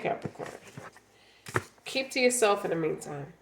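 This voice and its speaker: A woman's voice: fairly low pitch, steady tone, normal speed, roomy sound, slight background noise. A woman giving a casual, blunt tarot reading, swearing freely and sometimes speaking as the listener's partner. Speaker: tarot reader.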